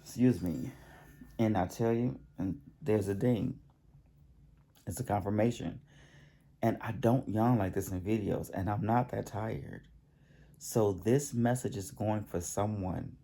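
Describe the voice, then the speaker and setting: A man giving a spiritual healing talk to the camera, halting and repeating himself, often pausing to excuse himself and yawn. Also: fairly low pitch, creaky, dark tone. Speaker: self-help channel host.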